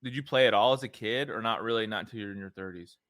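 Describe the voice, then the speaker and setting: Male podcast host, casual and rambling, bright forward tone, dry close sound. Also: on the low side, fast talker, dry recording. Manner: loose and chatty, many "like" fillers. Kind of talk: casual interview chat.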